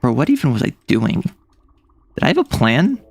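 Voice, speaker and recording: A man's voice: mid-range voice, huge pitch swings, measured pace, vocal fry, slightly rough, no echo. A young man from the United States streaming a casual chat, rambling and joking, often cutting himself off mid-thought. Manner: rambling, jokey, self-interrupting.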